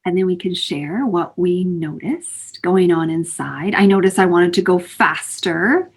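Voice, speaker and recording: A woman teaching children mindfulness breathing over a video call, in an animated, sing-song way. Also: lowish voice, measured pace, slightly rough. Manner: animated, sing-song, calls kids sweethearts. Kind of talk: teaching kids breathing exercises. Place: home, virtual session.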